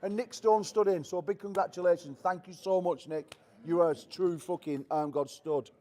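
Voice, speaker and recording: A brash man hosts a press conference and hypes up the fighters in a noticeably high voice. He jokes and swears freely while he banters with the guests. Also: fairly even intonation, moderate pace, mellow. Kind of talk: hype introductions and banter.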